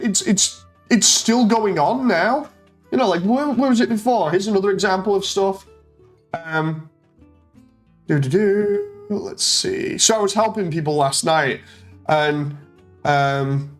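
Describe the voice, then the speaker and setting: Man streamer, slightly high voice, animated storytelling, mocking read-outs, faint guitar music behind. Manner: animated storytelling, reading out chat messages in a mocking tone. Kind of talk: casual stream chat, retelling an online exchange.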